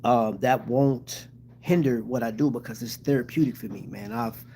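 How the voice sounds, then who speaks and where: Grateful man talking haltingly to viewers. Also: medium pitch, fairly even intonation, mellow, slight background noise. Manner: halting, with many restarts and fillers; heartfelt and grateful. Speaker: channel host. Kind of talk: casual livestream talk to viewers.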